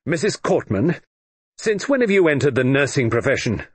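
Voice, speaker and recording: A man's voice: mid-range voice, big pitch swings, moderate pace, slightly rough, pitched above the performer's own voice. A man voicing a blunt, commanding army colonel in an audiobook reading. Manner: brusque, commanding. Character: blunt gruff military colonel. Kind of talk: audiobook character voice.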